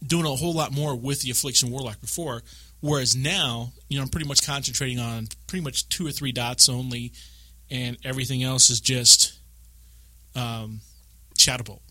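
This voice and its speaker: Rambling, animated man telling game stories. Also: medium pitch, normal speed, no room sound. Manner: rambling, animated storytelling with acted-out quotes. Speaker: podcast co-host. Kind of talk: casual chat about a video game.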